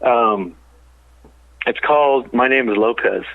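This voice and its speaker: A man, a songwriter and business partner, telling rambling, animated stories in a phone-in interview. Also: mid-range voice, takes it slowly, creaky. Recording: tinny phone line.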